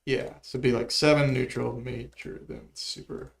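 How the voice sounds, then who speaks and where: A man's voice: mid-range voice, little pitch movement, normal speed, vocal fry. A man casually talking through music notation on a livestream, mumbling and thinking aloud as he works. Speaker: music producer streaming his work.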